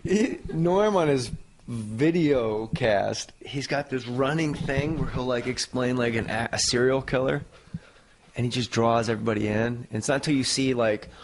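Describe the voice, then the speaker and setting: A man's voice: medium pitch, moderate pace, slight background noise. A man in a casual podcast chat, rambling through a story with lots of "like"s. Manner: rambling, filler-heavy storytelling.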